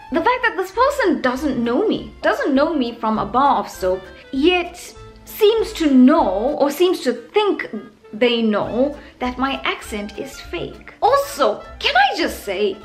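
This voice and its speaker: Animated South African woman vlogging. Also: on the high side. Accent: South African English. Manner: chatty, animated, self-mocking. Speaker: YouTuber. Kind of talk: casual talking-to-camera vlog.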